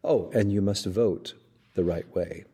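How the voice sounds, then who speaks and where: A man's voice: low-pitched, a little slow, warm tone, breathy edge. A man voicing an imagined Christ who lists demanding conditions, with wry irony.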